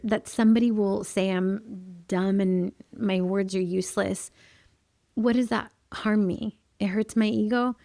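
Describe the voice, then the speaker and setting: A woman with a soft lilt gives an earnest, emotional personal monologue as host of her own show. Her voice is mellow with a gravelly edge, and the recording is dry and close. She leans on repeated phrases for emphasis. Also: mid-range voice, dry recording. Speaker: podcast host.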